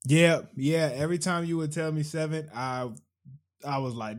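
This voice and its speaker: Laid-back joking man, fairly high voice. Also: unhurried. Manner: laid-back, joking, repeats himself for emphasis. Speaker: podcast co-host. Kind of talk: casual chat.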